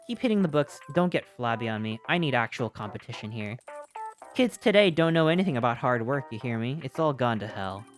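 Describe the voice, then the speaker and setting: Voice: mid-range voice, close to an everyday voice. A streamer voicing a blunt, cagey old woman shopkeeper who lectures in folksy talk.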